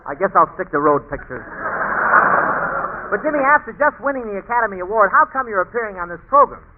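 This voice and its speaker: A man hosting a 1940s radio comedy show, trading quick, self-mocking wisecracks, heard as a tinny, hissy broadcast. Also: sits high, expressive. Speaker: comedian host.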